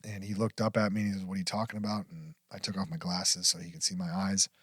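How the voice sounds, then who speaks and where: A middle-aged man, a podcast guest, telling a personal story frankly with blunt swearing, his voice dropping very low at the heaviest parts. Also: steady tone, fast, a bit bright, breathy edge, no echo, clean studio sound. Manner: frank, profane, drops to near-whisper at heavy moments. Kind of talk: candid storytelling interview.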